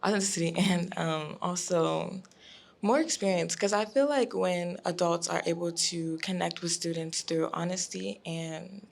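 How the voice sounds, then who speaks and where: A young woman student speaks on a panel, hesitant, with fillers and restarts. Her voice sits low and has a gravelly edge. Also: unhurried. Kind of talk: panel discussion answer.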